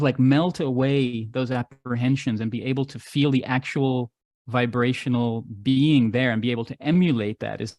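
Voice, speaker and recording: A man's voice: medium pitch, darkish tone, no echo, clean studio sound. A man talking at length in casual conversation, telling stories and musing philosophically. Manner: expansive, philosophical storytelling. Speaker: regular podcast guest, artist and musician.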